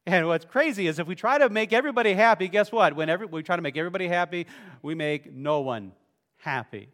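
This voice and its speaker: A man's voice: high voice, lively intonation, fast, a bit bright, long reverb tail. A man preaching a sermon in a church, joking playfully with his congregation as he leads a show-of-hands vote. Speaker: pastor. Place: church sanctuary.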